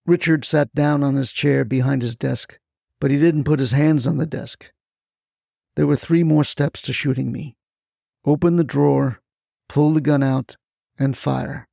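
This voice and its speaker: A man narrating a first-person crime story in a terse, deadpan way. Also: a little high, moderate pace, gravelly, no room sound, studio quality.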